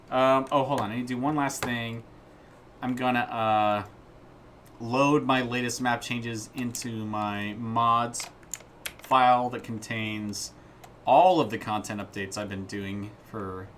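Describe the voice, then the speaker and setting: A man's voice: mid-range voice, steady tone, unhurried, a bit bright, soft background music. A man chatting casually and playfully while streaming his game development work, rambling into jokey asides. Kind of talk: casual live-stream chat.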